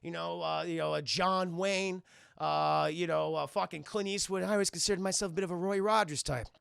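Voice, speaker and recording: A man playing an arrogant villain who mocks his foe with condescending scorn. The voice dips low and sounds gravelly. It is recorded dry and close. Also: fairly even intonation, a little fast, fairly bright tone, dry recording, heavily acted. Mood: mocking. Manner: mocking, condescending. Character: scheming arrogant male movie villain.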